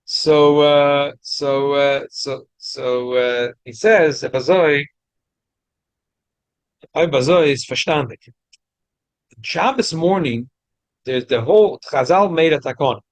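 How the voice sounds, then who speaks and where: A rabbi with a somewhat high voice teaches a Torah class to a study group, going slowly with long pauses. He often restarts his explanations and uses Hebrew and Yiddish terms, with no room sound audible.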